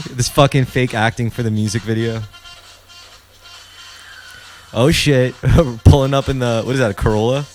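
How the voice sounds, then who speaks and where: A man's voice: mid-range voice, steady tone, brisk. A man co-hosting a podcast, chatting loosely and profanely while reacting to music videos. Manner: loose, profane, wandering commentary. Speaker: podcast co-host. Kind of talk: casual chat while watching music videos.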